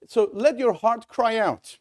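A man's voice: very high voice, slow, darkish tone. A man preaching an evangelistic sermon in a church, urgent and pleading, with many rhetorical questions.

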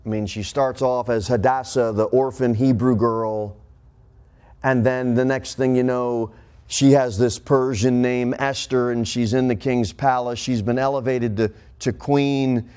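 A pastor delivers a sermon from a church. His voice sits at a middle pitch for a man. He leans hard on key words, jumping up in pitch and slowing to a crawl to drive a point home. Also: fairly even intonation, darkish tone, clear, resonant tone. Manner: preaching with emphatic swings in pitch and pace.

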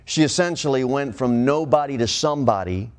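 A pastor delivers a sermon from a church. His voice sits at a middle pitch for a man. He leans hard on key words, jumping up in pitch and slowing to a crawl to drive a point home. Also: expressive. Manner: preaching with emphatic swings in pitch and pace.

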